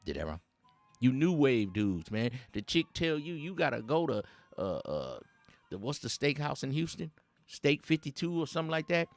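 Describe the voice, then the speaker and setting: Male host, streetwise uncle type, preachy and rambling, very animated delivery, faint music bed. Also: a little high, moderate pace, gravelly, no echo. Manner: animated, chuckles between points. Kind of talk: satirical dating advice monologue.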